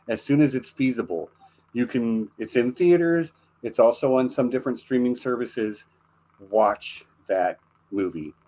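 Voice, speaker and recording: A man's voice: mid-range voice, a little mellow. An American man hosting a casual podcast chat, joking and enthusiastic. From United States. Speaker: podcast host.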